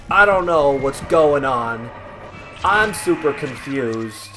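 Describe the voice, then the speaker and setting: A man's voice: mid-range voice, expressive, slow pace, bright, forceful tone. Confused, exasperated young man gaming. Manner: confused, exasperated, talks to viewers. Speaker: gameplay commentator. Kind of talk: casual let's-play commentary. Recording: game music playing behind.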